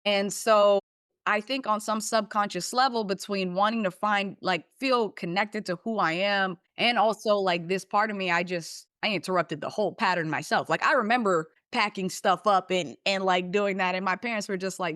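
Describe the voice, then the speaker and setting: A young woman, a podcast guest, telling her life story in a casual, animated way, swearing freely and acting out what her parents said. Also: mid-range voice, moderate pace, no room sound, clean studio sound.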